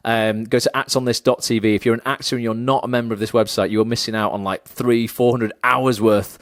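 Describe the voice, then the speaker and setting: A man's voice: mid-range voice, fairly even intonation, fairly quick, no echo. Man, young, chatty host, dry close sound. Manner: chatty, lots of fillers. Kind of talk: casual behind-the-scenes chat.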